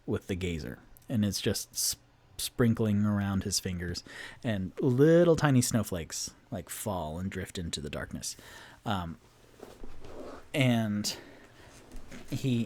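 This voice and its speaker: A man's voice: lowish voice, darkish tone. A man narrating a solo tabletop game as game master, rambling with many fillers and restarts.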